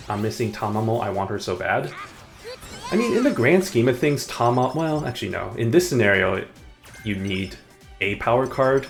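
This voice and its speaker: A man's voice: mid-range voice, sing-song, normal speed, creaky, music in the background. A man streaming a game live, chatting casually, rambling and muttering to himself between chuckles. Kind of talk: casual live gameplay chat.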